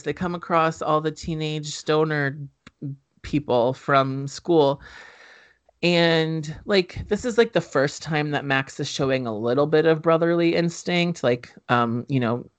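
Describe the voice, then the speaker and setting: Joking, foul-mouthed man, higher voice. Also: steady tone, slow pace, a bit bright. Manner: profane, joking, filler-heavy storytelling. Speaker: podcast co-host recapping a film. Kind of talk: casual chat.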